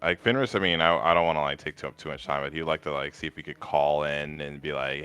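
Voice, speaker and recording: A man's voice: extremely low pitch, fast talker, few pauses, bright, forceful tone, clean tone, faint music behind. A man playing a tabletop game, rambling casually with many fillers. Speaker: player.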